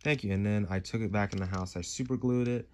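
A young man casually reviewing his toy truck. He rambles and jokes, jumping between loud bursts and mumbled asides. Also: on the low side, steady tone, quick pace, slight background noise. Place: home room.

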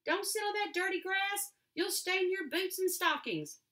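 A woman's voice: extremely high pitch, lively intonation, measured pace, pushed and bright, voice pushed up, heavily acted. A woman voicing a fussy old grandmother in a thin, piping voice. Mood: fretful.

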